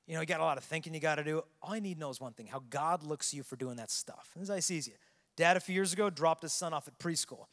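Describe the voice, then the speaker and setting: A man giving a keynote to a large youth conference, preaching with earnest storytelling that swings between hushed and loud. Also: a little high, very fast. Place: large arena with long reverb. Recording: long hall reverb.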